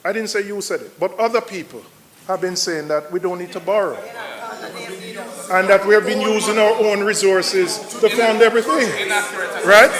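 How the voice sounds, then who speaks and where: A man's voice: sits high, moderate pace, a crowd in the background. Combative man debating in parliament. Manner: combative, emphatic, repeats rebuttals. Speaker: opposition finance spokesman in parliament. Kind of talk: parliamentary budget debate speech.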